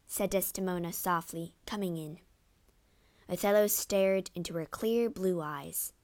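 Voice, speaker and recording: A woman narrating a storybook in a slow, clear reading. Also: lowish voice, a little mellow, no room sound.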